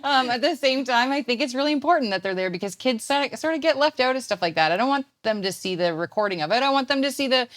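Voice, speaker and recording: A woman's voice: high-pitched, fast, few pauses, fairly bright tone. A woman in her thirties from Canada, a poet and guest chatting casually in an interview, rambling with lots of fillers.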